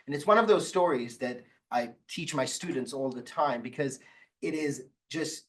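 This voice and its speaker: A law professor giving an academic talk, telling stories with wry, playful asides. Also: male voice, mid-range voice, moderate pace, poor audio. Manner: lively storytelling with wry asides. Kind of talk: academic lecture.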